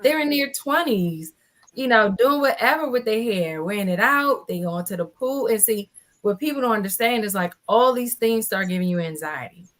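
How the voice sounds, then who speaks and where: Animated, higher-voiced woman in her forties. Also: normal speed. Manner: animated, acts out other people's lines in quotes. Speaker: panel guest. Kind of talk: personal storytelling in a casual panel chat.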